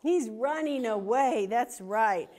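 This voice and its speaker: Animated woman reading to children. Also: fairly high pitch, slow. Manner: animated, questions for the kids. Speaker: children's storytime reader. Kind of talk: reading a picture book aloud to children.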